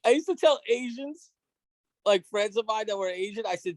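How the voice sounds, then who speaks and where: Man, casual podcast storyteller, swears a lot, very lively pitch, dry sound. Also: moderate pace, no room sound. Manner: animated, profane, acts out dialogue. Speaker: guest.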